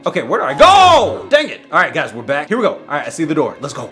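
Excitable high-voiced young man gaming. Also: quick pace, soft background music. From Los Angeles, California. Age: young adult. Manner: excitable, yelping and laughing, trash-talking the game. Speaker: gaming YouTuber. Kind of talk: game commentary.

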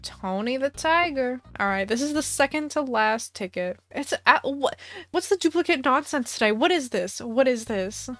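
A young woman chatting casually through a gaming session, expressive, laughing often and squealing at good luck. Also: high voice, moderate pace, no echo, faint music behind. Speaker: gaming video creator. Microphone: headset or desk mic.

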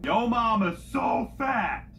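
A comedic joke teller with a punchy delivery who shouts each setup line before the punchline. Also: medium pitch, animated, takes it slowly, vocal fry, slight background noise.

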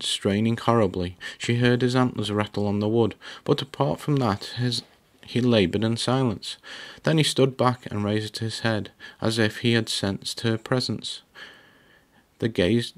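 A man reading a novel aloud in a steady, measured storytelling manner. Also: lowish voice. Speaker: audiobook reader.

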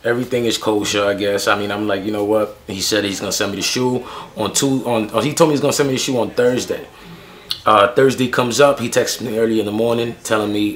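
A man's voice: fairly low pitch, steady tone, a little fast. A young man ranting to camera in a casual vlog, slangy and annoyed, with lots of fillers as he tells a story. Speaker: sneaker vlogger.

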